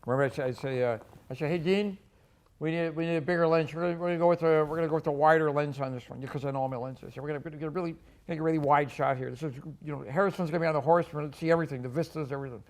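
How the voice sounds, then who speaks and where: Brief: rambling, stammering director impression, by a male impressionist, slightly high, rushed. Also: close to an everyday voice. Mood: chatty, rambling. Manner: stammering, repeats words, calls people "pal". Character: impression of a famous film director, fast-talking and fumbling. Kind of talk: comedic impression sketch.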